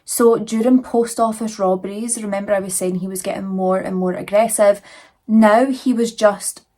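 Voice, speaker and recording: Young woman chatting thru a true crime case, kinda husky, lots of "like" and "you know". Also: mid-range voice, fairly even intonation, moderate pace, mellow. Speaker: true crime channel host. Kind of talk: casual true crime storytelling.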